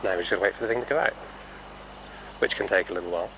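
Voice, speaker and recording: A man training a horse, talking softly and coaxingly to the animal while explaining to viewers in a casual vlog. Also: low-pitched, fast, noisy background. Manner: soft, coaxing talk to a horse, often hushed. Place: indoor horse stable area.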